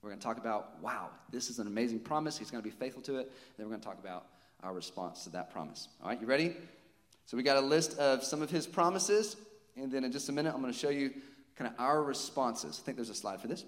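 A man's voice: medium pitch, expressive, fast, long reverb tail. A man preaching a sermon to his congregation, conversational, with frequent rhetorical questions. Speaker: pastor.

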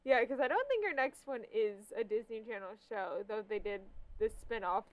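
A woman's voice: on the high side, animated, normal speed, narrow, tinny audio. Easygoing young woman in chat. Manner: easygoing, agreeable, many fillers like "like". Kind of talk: casual chat.

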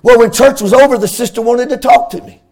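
A middle-aged pastor, preaching a fervent sermon in a sing-song cadence that swells into shouts. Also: male voice, extremely high pitch, fast.

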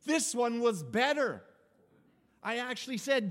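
A man, a pastor, telling a humorous personal story in an animated sermon. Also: high voice, measured pace, pauses often. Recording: echoey hall.

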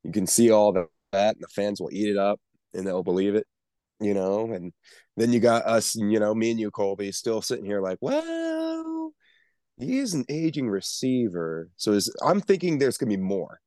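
A man with a low voice talks sports in a loose, rambling way, tripping over his words as he goes. His voice sounds dry and close, with no room around it. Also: a little fast, mellow, no echo. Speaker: podcast co-host. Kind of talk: casual sports chat.

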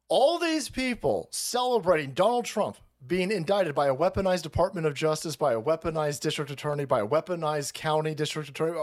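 A man's voice: a little high, animated, brisk, few pauses, noisy background. A man from California ranting on a livestream, swearing often, laughing and mocking as he talks. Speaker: livestream commentator. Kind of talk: profane political rant on a livestream.

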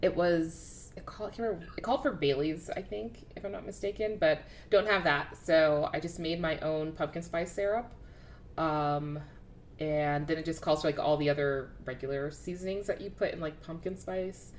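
A woman's voice: low-pitched, moderate pace, a little hiss or hum. A woman co-hosting a podcast, chatting in a laid-back, rambling way and laughing often. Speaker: podcast co-host. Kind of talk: casual chat.

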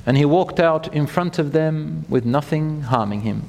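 Male preacher, animated storyteller, chants verses, reverberant hall recording. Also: a little high, moderate pace, creaky. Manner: animated, acts out quotes, chants Quran verses. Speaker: Islamic preacher. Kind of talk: storytelling sermon.

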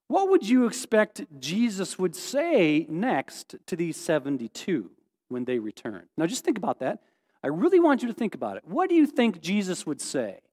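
A man preaching a sermon as pastor, lively and animated, acting out quoted voices and putting questions to his listeners. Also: high voice, big-room sound.

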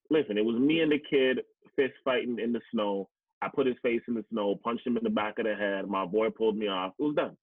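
A Canadian adult who's past teachers college talks quickly in a medium-pitched, breathy voice, bluntly telling personal stories. He leans on swearing and repeated words for stress, and the dry, echo-free recording has a tinny phone quality.

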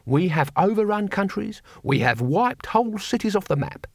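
Male narrator doing blunt old barbarian warlord, brags loud and high, very lively pitch. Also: normal speed, no echo, clean studio sound. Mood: boastful.

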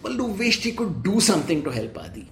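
A man tells a story in a chatty, animated way, slipping in asides to the listener. His voice sits slightly high, with faint room ambience behind. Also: fairly quick, slight background noise. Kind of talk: casual oral storytelling.

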